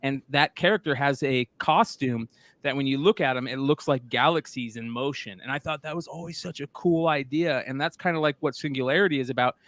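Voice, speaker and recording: A man's voice: mid-range voice, brisk, a bit bright. Rambling, chatty male stream host. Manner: rambling, chatty, lots of fillers. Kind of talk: casual chat.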